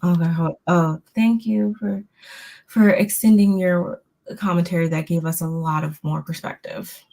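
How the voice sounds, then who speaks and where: A woman co-hosting a casual reality TV recap, relaxed and chatty. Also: on the low side, measured pace, vocal fry. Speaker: co-host.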